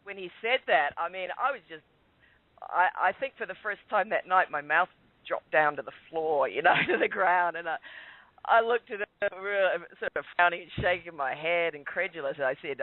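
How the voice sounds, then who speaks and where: A man's voice: sits high, lively intonation, moderate pace, no echo. A man guesting on a radio show, telling a story with hesitant, stumbling restarts. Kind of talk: casual storytelling. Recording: dry tinny Skype call.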